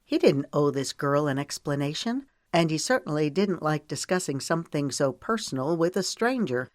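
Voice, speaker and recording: A woman narrating a romance audiobook in a measured, even storytelling manner. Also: sits low, no room sound, clean studio sound.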